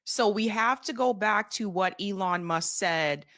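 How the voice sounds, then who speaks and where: A woman's voice: mid-range voice, a little slow, a bit bright. A woman commenting on a news clip, speaking to her audience directly with pointed emphasis.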